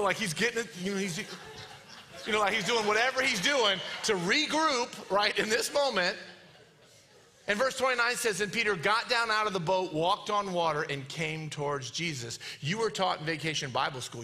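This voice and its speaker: A man preaching a sermon as pastor, telling the story in an animated, playful way with quick asides. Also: high voice.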